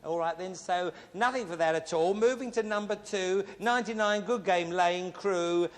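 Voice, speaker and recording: High-voiced joking game-show host. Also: male voice. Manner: teasing, quick-witted, punning. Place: television studio before an audience. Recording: noisy studio with loud audience.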